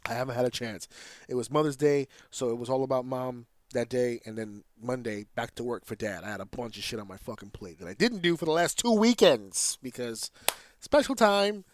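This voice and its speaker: A man's voice: mid-range voice, a little fast, no room sound. A man hosting a casual podcast, talking in an opinionated, rambling way and swearing freely. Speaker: podcast host.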